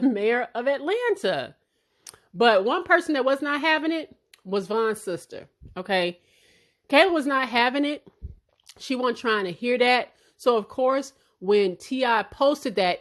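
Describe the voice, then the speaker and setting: A woman hosting celebrity gossip commentary in a blunt, animated way, swearing freely. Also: a little high. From Chicago.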